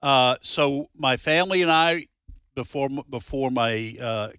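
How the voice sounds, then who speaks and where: Middle-aged radio guy, bright punchy voice, chatty storyteller, dry close mic. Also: medium pitch, measured pace, clean tone, no echo. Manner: chatty storyteller, laughs easily. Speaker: radio show co-host. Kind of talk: casual talk radio banter.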